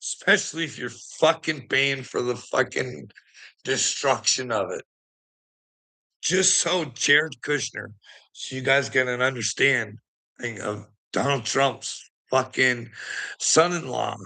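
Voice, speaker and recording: A man's voice: medium pitch, takes it slowly, sharp tone. A man ranting casually to his viewers, swearing constantly, rambling and laughing between thoughts. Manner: profane, rambling, laughing often.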